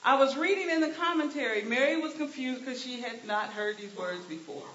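A woman preacher delivering a sermon, swinging between hushed lines and emphatic ones. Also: sits high, fairly quick. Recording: echoey, dull sound with faint hiss.

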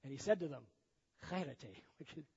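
An older man preaches a sermon, retelling a Bible story in a folksy, conversational manner and often chuckling at his own remarks. His slightly high voice is expressive, gravelly, a little mellow, and slightly rough at normal speed. The recording is lo-fi and dull, made in an echoey hall.

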